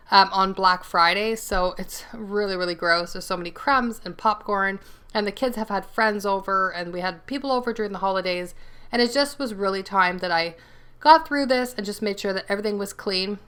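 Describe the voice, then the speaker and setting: A woman's voice: medium pitch, sharp tone, roomy sound, recorded from a distance, low-quality recording. A woman in her thirties, a homemaking vlogger chatting casually and upbeat at home, full of little fillers. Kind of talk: casual vlog narration.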